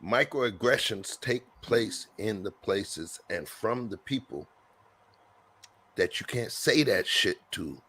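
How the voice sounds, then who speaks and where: Lower-voiced man hosting a casual panel. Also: expressive, slow, sharp tone. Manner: lecturing, drives the talk, calls on others.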